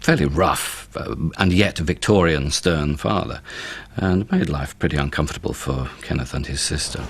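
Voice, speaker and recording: Gravelly deep-voiced documentary narrator. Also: male voice, moderate pace, few pauses, slight background noise.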